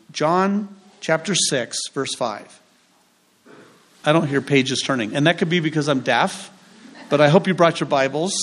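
A man preaching a sermon in a church, conversational and joking as he leads the congregation through scripture. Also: fairly high pitch. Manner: conversational preaching with humorous asides. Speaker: pastor.

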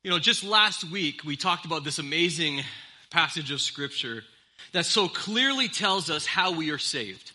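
A middle-aged man delivers a sermon from the pulpit with a strikingly bright, sharp tone. His voice sits a little high for a man. He speaks earnestly and conversationally, stumbling into small restarts now and then. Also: lively intonation, unhurried. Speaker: pastor. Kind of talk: sermon with opening prayer.

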